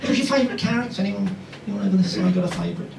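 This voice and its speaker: A man's voice: high voice, racing, creaky, distant mic, noisy background. A man in his forties doing live stand-up comedy, chatting with the audience. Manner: animated, chatty crowd work with frequent asides to the audience. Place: comedy club in a pub. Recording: roomy live club audio with loud audience laughter.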